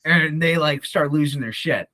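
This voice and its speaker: A young man telling a profane, animated story in casual talk, often acting out the voices of others. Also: a little high, normal speed, dry recording. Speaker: podcast guest.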